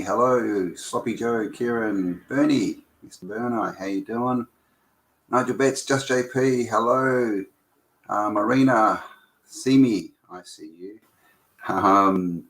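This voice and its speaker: A man hosting a casual live stream chat, greeting viewers by name in a relaxed, chatty way. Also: fairly low pitch, poor audio. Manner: relaxed and chatty, reads out viewer names, with fillers.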